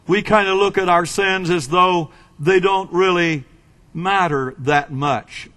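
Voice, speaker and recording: A man preaching a sermon in a slow, emphatic way, with dramatic swings between loud and quiet. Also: a little high.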